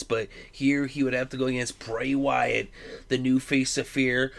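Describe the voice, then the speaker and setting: Brief: man in his twenties, vlogger recapping and giving opinions, loose rambling delivery, smooth clear voice. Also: mid-range voice, a bit bright. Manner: chatty, rambling, with many fillers. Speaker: wrestling commentary vlogger.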